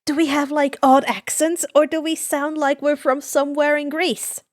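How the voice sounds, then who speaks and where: A woman voicing an excitable young female demigod in a fan fiction reading, eager and full of questions. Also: high-pitched, moderate pace, no room sound, studio quality, pitched above the performer's own voice, lightly acted. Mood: excited.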